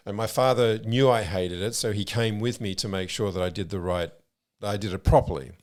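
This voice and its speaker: A middle-aged man with an Australian accent, co-hosting a podcast in a relaxed, frank way with casual swearing. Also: lowish voice, fairly quick. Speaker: podcast co-host. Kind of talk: casual conversational storytelling.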